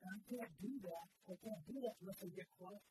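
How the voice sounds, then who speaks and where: Preacher, sermon delivery, emphatic and repetitive, swings from loud to hushed; noisy recording. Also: medium pitch, fast talker. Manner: repetitive, emphatic phrasing that swells loud then drops soft.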